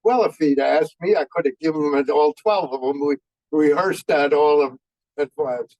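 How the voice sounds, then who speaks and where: Man, 90s, veteran storyteller, folksy, halting with fillers, slightly high voice, dry sound. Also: darkish tone, dry recording, highs cut off. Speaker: veteran speaker. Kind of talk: anecdotal war storytelling.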